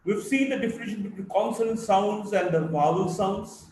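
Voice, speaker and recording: A man's voice: high voice, normal speed, a little mellow. A male college lecturer from India with a Bengali-influenced Indian English accent, giving a recorded lecture and reading out terms and examples one after another. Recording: echoey room, from a distance, faint background noise.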